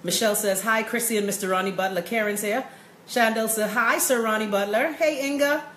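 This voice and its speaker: In an echoey room with a little faint noise, a Bahamian woman hosts a live show, her fairly high, fairly bright voice moving a little fast. She's upbeat and talkative, saying hello to viewers by name while she reads what they've written.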